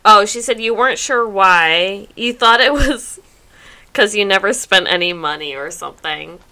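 A woman's voice: medium pitch, expressive, normal speed, pushed and bright. A woman co-hosting a podcast in casual chat, playful and rambling, laughing along. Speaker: podcast co-host.

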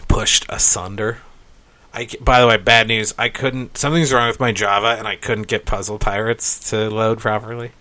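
A man's voice: fairly low pitch, fairly even intonation, normal speed, pushed and bright. Crude, joking man podcaster. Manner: crude, joking, laughs often. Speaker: podcast co-host. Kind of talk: casual chat.

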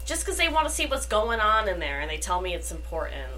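A young woman co-hosting a podcast, talking in a bright voice whose pitch swings widely. Her speech is chatty and full of "like," with a little faint noise underneath. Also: big pitch swings, fast. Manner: chatty, laughs often, heavy use of "like". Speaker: podcast co-host. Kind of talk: casual chat.

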